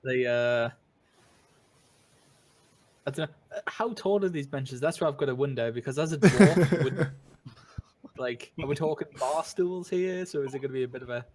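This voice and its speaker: A man's voice: mid-range voice, normal speed, pauses often, darkish tone. A man playing a tabletop game, thinking aloud with hesitant questions. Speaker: player. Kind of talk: casual chat at a tabletop game.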